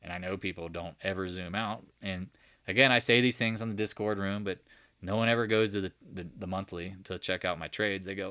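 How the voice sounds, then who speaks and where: A man hosting a casual market recap, talking through charts with jokey asides, swearing and sudden loud outbursts. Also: low voice, flat delivery, fairly quick, clear, resonant tone, dry recording. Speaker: stock market recap host. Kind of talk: casual screen-share chart commentary.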